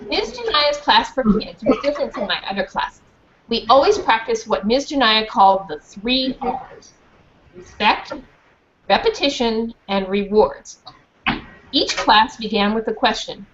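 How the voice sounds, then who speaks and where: Woman reading aloud to kids, lively questions, fairly high voice, muffled, faint hiss. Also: unhurried. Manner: lively and questioning, checks in with the children. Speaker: author reading to a class. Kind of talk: reading a storybook aloud to children.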